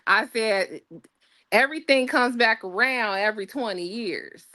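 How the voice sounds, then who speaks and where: A woman's voice: on the high side, unhurried, pushed and bright. A woman guest on a podcast, talking bluntly and emphatically with plenty of swearing. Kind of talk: casual podcast chat.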